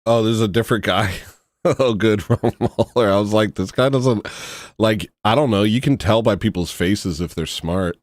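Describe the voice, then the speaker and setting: A man's voice: on the low side, moderate pace, no room sound. A man hosting a livestream, reacting to a video with joking, sarcastic commentary and frequent laughter. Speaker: livestream host.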